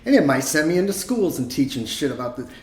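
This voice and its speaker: A man co-hosting a podcast in casual chat, telling rambling, profane, animated stories. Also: on the high side, fast. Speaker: podcast co-host. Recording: roomy echo.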